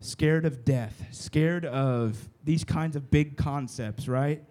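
Taking it slowly, a man in a fairly high, slightly mellow voice delivers a casual youth-group sermon in a room with a live audience. He is conversational and repeatedly stops to make sure his listeners follow.

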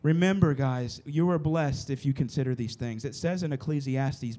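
His voice is medium-pitched with a dark tone, moving at a moderate pace with hardly any pauses. He preaches a casual sermon to a youth group in a room with a live audience, conversational and frequently checking that they follow along.

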